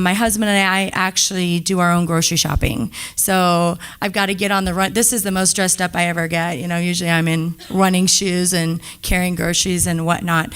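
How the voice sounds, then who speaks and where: A woman's voice: on the low side, clear, resonant tone. Chatty woman telling stories. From Montana. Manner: chatty, animated storytelling with quoted voices. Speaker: diner owner on a panel. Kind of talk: panel talk to a live audience.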